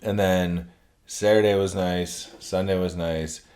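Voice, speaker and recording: A man's voice: steady tone, takes it slowly. A man co-hosting a podcast, joking around in easygoing chat over beers. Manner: joking, easygoing, swings between low mumbles and loud laughing bursts. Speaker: podcast co-host.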